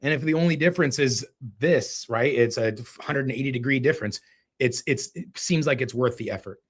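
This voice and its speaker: A man's voice: mid-range voice, fairly quick. Man coaching on a live stream. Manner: casual, coaching, addresses viewers as guys. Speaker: real estate video coach.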